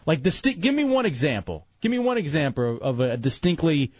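A man's voice: big pitch swings, a little mellow, husky, no room sound, dull audio. A man hosting an evening radio show, bantering playfully and rambling from topic to topic. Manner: playful, rambling, quick shifts in pitch. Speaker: radio host.

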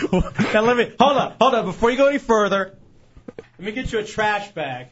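High-voiced teasing radio host man. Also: animated, fairly quick, fairly bright tone, a little hiss or hum. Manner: teasing, laughs often. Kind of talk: joking talk radio banter. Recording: dull lo-fi radio broadcast.

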